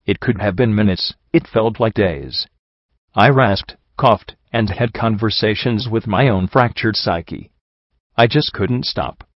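A man narrating a story in the first person, reading in a measured, somber way. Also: lowish voice, no room sound. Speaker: audiobook reader. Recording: dull lo-fi sound.

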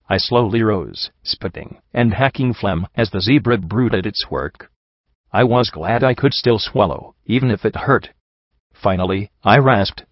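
A man reading a first-person fan fiction story aloud as an audiobook, steady and plain. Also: lowish voice, measured pace, no echo. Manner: steady, plain narration with light voicing for dialogue. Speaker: audiobook reader. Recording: dull, dry home recording.

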